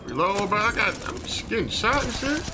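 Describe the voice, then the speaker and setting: A man giving profane, excitable commentary over his own gameplay, often breaking into yells. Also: high-pitched, brisk. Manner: profane, excitable, swings to yelling. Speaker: gaming streamer. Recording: game gunfire noise behind.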